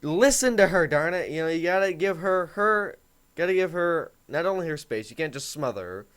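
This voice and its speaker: A man's voice: on the high side, lively intonation, normal speed, a bit bright, clear, resonant tone. A teenage boy hosting a comedic advice monologue, talking in a joking, mock-authoritative way. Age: teens. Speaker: host.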